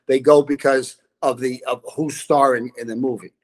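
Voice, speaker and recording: A man's voice: mid-range voice, normal speed. An older man, a football coach, telling stories as a podcast guest and laughing often. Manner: lively storyteller, laughs often. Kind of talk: casual podcast chat.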